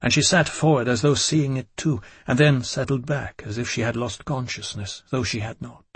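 A man narrating a gothic novel in the first person, measured and dramatic. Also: mid-range voice, fairly even intonation, husky, dry recording. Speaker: audiobook narrator.

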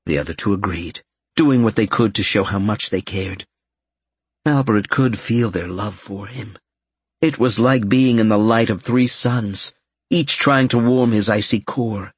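Husky male audiobook narrator. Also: on the low side, normal speed, no room sound. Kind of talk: scripted narration.

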